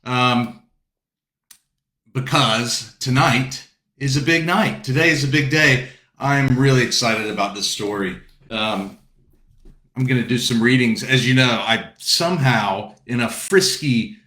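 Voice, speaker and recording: A man's voice: mid-range voice, a bit bright, roomy sound. A man from South Carolina hosting a casual book launch video call, greeting viewers by name and chatting in a rambling, friendly way. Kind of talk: casual chat.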